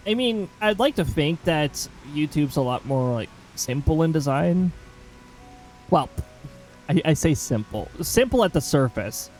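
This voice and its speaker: A man's voice: a little high, a little mellow, rough recording. A man streaming a game live, chatting casually and self-mockingly and reading chat messages aloud.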